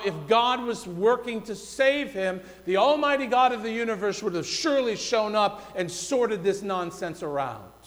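A male pastor preaching a sermon, moving between loud pleading cries and hushed, quiet stretches. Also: sits high. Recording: long hall reverb.

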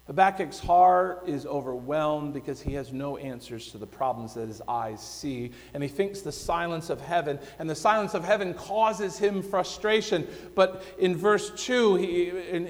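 Man, pastor, preaching, loud pleas then hushed passages, faint electrical hum, church sanctuary. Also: high-pitched. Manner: swings between loud pleading cries and hushed, quiet passages. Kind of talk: sermon. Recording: long hall reverb.

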